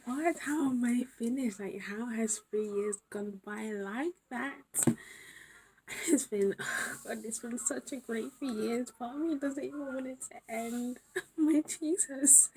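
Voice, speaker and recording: A woman's voice: fairly high pitch, measured pace, a little mellow, a little hiss or hum. A tired young woman vlogging to camera late at night, overwhelmed, slipping between whispers and exclamations. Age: young adult.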